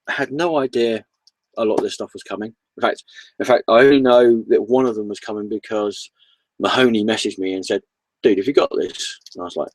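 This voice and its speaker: Low-voiced rambling man. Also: rough recording. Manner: rambling, enthusiastic, repeats himself. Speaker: comic book vlogger. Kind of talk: casual vlog chat.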